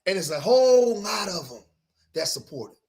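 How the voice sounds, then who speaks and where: A man's voice: high-pitched, big pitch swings, moderate pace, a little mellow. A man hosting a livestream, reacting to clips in emphatic commentary and repeating phrases for emphasis.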